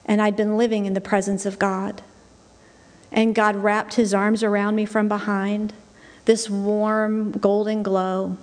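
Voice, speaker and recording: A woman's voice: medium pitch, little pitch movement, unhurried. Middle-aged woman telling her story in a hall. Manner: storytelling, repeats phrases for emphasis. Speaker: speaker sharing personal testimony. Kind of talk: spoken personal testimony. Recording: long hall reverb.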